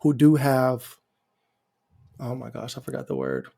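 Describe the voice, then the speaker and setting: A male podcast host in a relaxed conversation, reflective and earnest, often filling his thoughts with "you know." His voice has a strongly gravelly, fry-laden edge at a mid pitch. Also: unhurried. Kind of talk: conversational interview.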